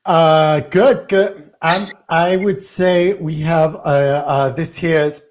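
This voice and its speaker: Very low-voiced woman, halting and dry. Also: steady tone, a little mellow. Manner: halting, hesitant, dry self-mockery. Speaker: comedy panelist. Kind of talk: casual comedy chat.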